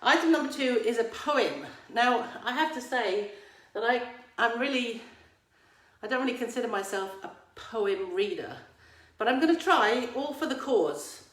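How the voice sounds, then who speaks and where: A woman's voice: a little high, expressive, moderate pace. An Englishwoman vlogging at home, talking to viewers through a phone camera held at arm's length, with playful, teacherly asides. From England. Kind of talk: casual chat to viewers. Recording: echoey room.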